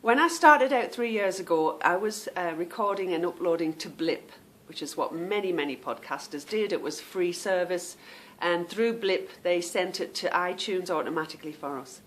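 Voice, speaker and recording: A woman's voice: on the low side, moderate pace, hardly any pauses, fairly bright tone, slight background noise. A woman hosting a knitting podcast, chatting casually to viewers, rambling off on tangents and stumbling over unfamiliar names.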